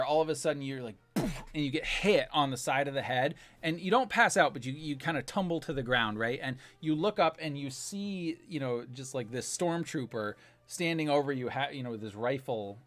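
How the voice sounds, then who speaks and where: A man's voice: medium pitch, fairly bright tone, no echo. A man narrating as game master of a tabletop game, rambling through descriptions with many fillers.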